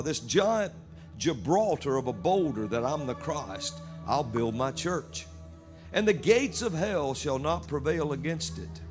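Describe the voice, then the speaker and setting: Animated preacher man in a church service. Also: fairly high pitch. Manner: animated preaching, reading scripture aloud. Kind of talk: sermon.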